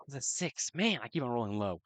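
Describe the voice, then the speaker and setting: A man's voice: medium pitch, big pitch swings, fairly quick, a bit bright, no echo. A man playing in a casual tabletop role-playing session, playful and hesitant, with many fillers. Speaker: player.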